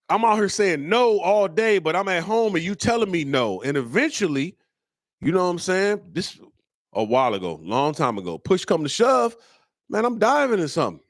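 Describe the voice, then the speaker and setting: A man hosts his own comedy show and roasts his viewers' comments in loose slang. His pitch swings widely, and he cracks himself up. The sound is close and dry, with no room echo. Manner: loose, slangy, breaks into laughter. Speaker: comedian host.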